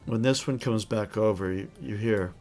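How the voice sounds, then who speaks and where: A man running a tabletop game, describing the scene in a relaxed, meandering way with plenty of hesitations. His voice sits fairly low, with faint music underneath. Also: moderate pace. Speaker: game master.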